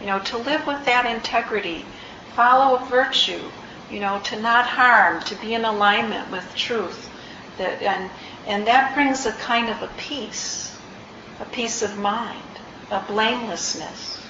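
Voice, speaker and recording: A woman's voice: fairly high pitch, bright, forceful tone, slight background noise. Reflective woman giving a dharma talk. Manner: reflective, unhurried, frequent ums and restarts. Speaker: meditation teacher. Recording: roomy, slightly dull recording.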